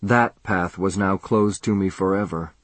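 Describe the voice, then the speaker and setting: A man reading a first-person story aloud in a measured, earnest storytelling manner. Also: deep voice, no room sound. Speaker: audiobook narrator. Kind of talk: scripted first-person narration.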